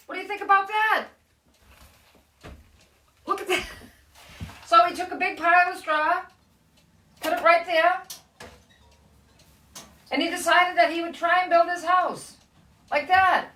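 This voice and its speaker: A woman's voice: very high voice, measured pace, long pauses, distant mic. A middle-aged woman telling a story to children on a live video, asking them questions as she goes. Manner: animated, questioning the kids, gasps and laughs. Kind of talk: read-aloud storytelling for children. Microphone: live video stream. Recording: echoey room, away from mic.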